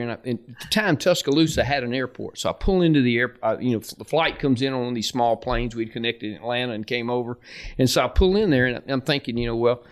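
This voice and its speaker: A middle-aged coach telling old stories in a folksy, animated way. He laughs through his anecdotes and acts out the people in them. His voice sits at an ordinary pitch for a man. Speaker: football coach guest. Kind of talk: storytelling in a podcast interview.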